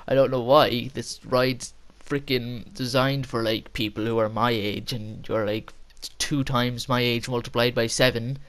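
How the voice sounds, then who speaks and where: A man's voice: mid-range voice, normal speed. A young man telling a casual, rambling story with frequent laughter and casual swearing. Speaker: vlogger.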